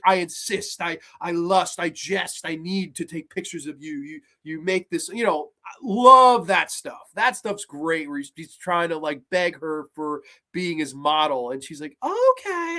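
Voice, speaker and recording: A man with a slightly high voice runs through horror film plots in a casual, rambling review. He gushes over what he loves and swears freely. His delivery is loose and unscripted. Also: sharp tone. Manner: enthusiastic, profane, rambling. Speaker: horror podcast host.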